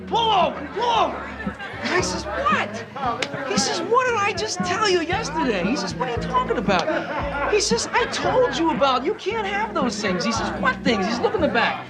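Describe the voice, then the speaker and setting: A jovial man spins a joke for friends and acts out each character in it. His voice is pitched very high and swings widely. Loud music and a noisy crowd fill the scene. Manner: animated joke-telling, acting out the characters. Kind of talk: film dialogue.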